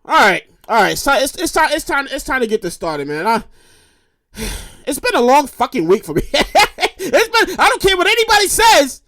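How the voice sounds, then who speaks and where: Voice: high-pitched, big pitch swings, normal speed, a bit bright, no echo, clean studio sound. A podcast host in their thirties, rambling through a casual, profane monologue and repeating phrases for emphasis. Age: 30s.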